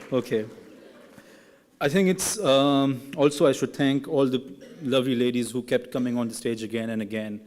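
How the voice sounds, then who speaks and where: Young guy giving a grad speech, earnest and jokey, mid-pitched voice, long echo from a big hall. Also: fairly even intonation, moderate pace, darkish tone, a faint crowd, a little hiss or hum. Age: young adult. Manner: earnest, then playfully teasing classmates. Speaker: graduating student speaker. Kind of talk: humorous ceremony speech. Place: large hall at an awards ceremony. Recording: reverberant hall.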